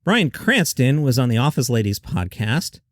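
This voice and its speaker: A man's voice: medium pitch, big pitch swings, normal speed, no room sound, clean studio sound. Sarcastic man hosting comedy news. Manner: sarcastic, incredulous asides. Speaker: host.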